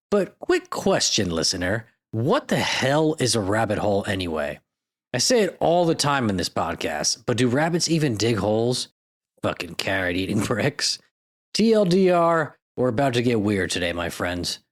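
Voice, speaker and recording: A man's voice: medium pitch, sing-song, normal speed, faint music behind. A man hosting a podcast in a sarcastic, self-deprecating comedic monologue, swearing freely. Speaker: podcast host.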